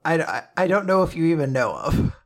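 A male podcast host recapping manga chapters in casual chat, animated and profane, laughing often. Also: on the high side, a little fast.

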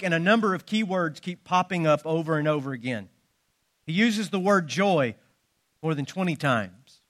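A man's voice: sits high, fairly bright tone. A man preaches a sermon. He tells folksy jokes and stories, leaning hard on his emphasis. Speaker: pastor.

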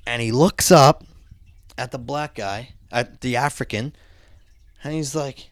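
A man telling a story in casual talk, animated and swearing often, acting out other people's voices. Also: medium pitch, measured pace, long pauses, no echo, studio quality.

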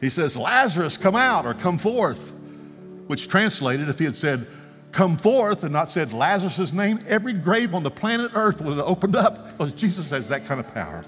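Male preacher, storytelling sermon, animated, acts out quotes, church hall echo, faint music. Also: on the high side, brisk. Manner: animated storyteller, acting out quotes, ending in prayer. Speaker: guest speaker. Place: church sanctuary. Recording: long reverb, music faintly behind.

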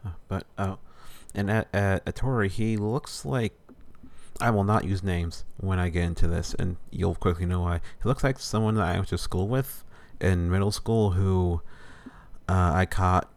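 A man's voice: low voice, steady tone, a little slow, darkish tone. A man co-hosting a podcast in a casual film discussion, talking in a laid-back, hesitant way full of fillers. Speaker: podcast co-host.

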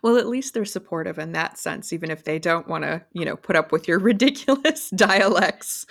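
A woman hosts a relaxed interview, asking questions and laughing along with her guest. Her voice is fairly low and heavy with vocal fry. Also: normal speed. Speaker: interview host. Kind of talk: casual interview chat.

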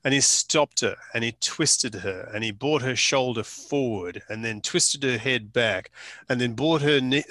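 A bright-toned man spins a long story to a small group in a casual, meandering way. He restarts sentences often and drops in dry jokes. The sound is close and dry, with no room around it. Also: medium pitch, no room sound. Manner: chatty storyteller with frequent restarts and dry humor. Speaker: photographer telling a story. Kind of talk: casual anecdote to a small audience.

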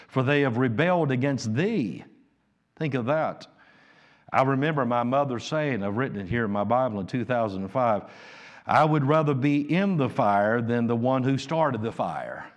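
A man preaching a measured evening sermon as pastor, reading scripture aloud. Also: medium pitch.

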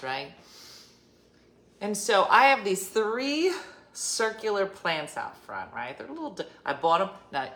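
Low-voiced chatty woman storyteller. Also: vocal fry. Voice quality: chatty, animated, acts out dialogue in shifting voices and whispers. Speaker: vlogger. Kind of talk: casual storytelling to viewers. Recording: echoey room with faint background noise.

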